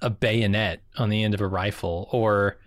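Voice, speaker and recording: A man's voice: fairly low pitch, fairly even intonation, moderate pace, no echo, clean studio sound. A man co-hosting a podcast, talking in a casual, wry, chatty way. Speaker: podcast co-host. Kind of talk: casual chat.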